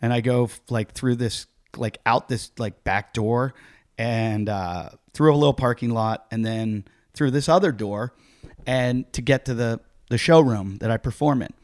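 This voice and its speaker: A podcast host with a mid-range voice talks a little slowly in casual chat, recorded in a clean studio with no room sound. He tells rambling stories and leans heavily on the word "like."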